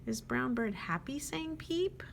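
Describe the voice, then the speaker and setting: A woman librarian leads a storytime, reading a picture book to children with an animated, questioning manner. Her voice rises and falls widely, unhurried, with a touch of gravel, over a faint low hiss. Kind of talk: storytime read-aloud.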